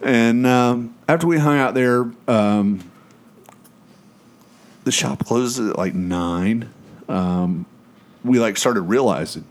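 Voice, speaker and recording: A man with a mid-range voice speaks slowly and pauses often as he hosts a podcast. In casual chat he tells a long, rambling story, swearing freely and acting out what people said.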